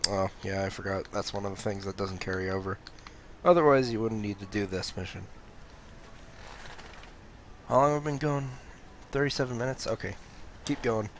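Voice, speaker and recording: A man's voice: fairly low pitch, normal speed, long pauses, a little hiss or hum. A young man streaming a game, chatting casually with viewers and swearing freely, sounding sleepy with a bit of phlegm in his throat. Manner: laid-back, swears freely, answers chat. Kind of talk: casual gaming stream chat.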